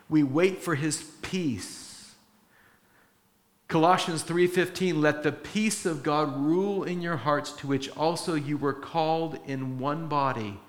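A man preaching a sermon, retelling a story with acted-out quotes and earnest, emphatic teaching. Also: mid-range voice. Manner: animated storytelling, acting out quoted voices. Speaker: pastor.

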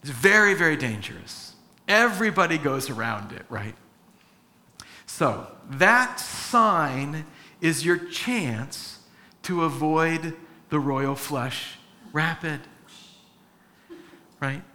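A male pastor preaching a sermon, telling personal stories in an animated way with frequent chuckles. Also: on the high side, takes it slowly, long pauses. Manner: storytelling, animated, chuckles often.

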